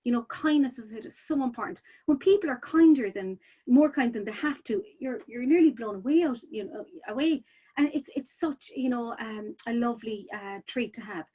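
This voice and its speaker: A woman's voice: fairly high pitch, moderate pace, warm tone, husky. A woman presenting a childcare webinar in a chatty, informal way, full of "you know" fillers and restarts.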